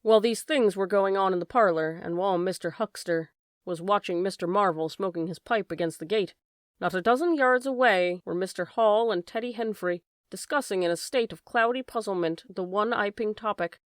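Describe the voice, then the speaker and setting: A woman narrating an audiobook of a classic novel in a measured, even reading. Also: mid-range voice, no echo, clean studio sound. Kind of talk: scripted narration.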